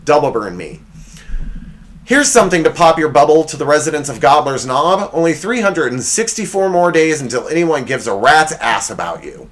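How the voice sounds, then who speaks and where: Male comedy podcast host, 40s, animated roast delivery, slightly out of breath. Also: on the high side, normal speed. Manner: swings between loud mock-outrage and quiet sincerity.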